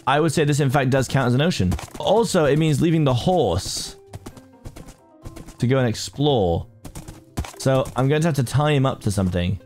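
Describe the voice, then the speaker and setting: Excitable man narrating a game, faint music. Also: medium pitch. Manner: excitable, talks to himself and viewers, jumpy exclamations. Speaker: gaming YouTuber. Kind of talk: casual Minecraft let's play commentary.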